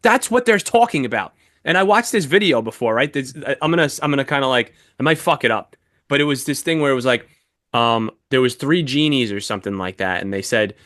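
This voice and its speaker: A man's voice: medium pitch, brisk, dry recording, clean studio sound. A man co-hosting a podcast in casual chat, telling stories with lots of swearing. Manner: animated, heavy swearing, storytelling. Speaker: podcast co-host.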